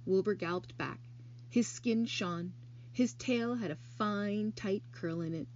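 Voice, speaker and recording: A woman narrating a children's novel aloud in an expressive storytelling manner. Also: medium pitch, a little slow, highs cut off, slight background noise.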